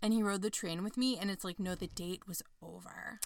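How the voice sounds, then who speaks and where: A young adult woman co-hosting a casual chat, animated and jokey, her voice swinging from loud to soft. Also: medium pitch, fairly quick, vocal fry, no room sound, studio quality. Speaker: podcast co-host.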